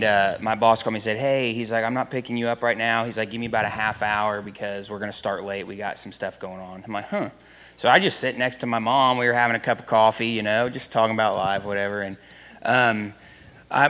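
A man standing up in church to tell a personal story, animated and acting out the voices of the people in it. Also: on the low side. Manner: animated, acts out voices, laughs in places. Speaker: church member telling a testimony.

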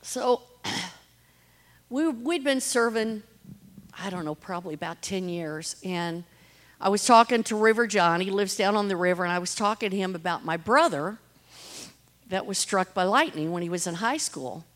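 A woman's voice: mid-range voice, expressive, moderate pace. A middle-aged woman, giving an earnest personal testimony about her street ministry, telling stories and acting out what people said. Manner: earnest, storytelling with quoted voices.

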